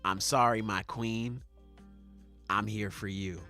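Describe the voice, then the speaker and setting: A man voicing a calm, devoted older swordsman who speaks low and quietly. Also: slow, faint music behind, heavily acted. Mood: tender.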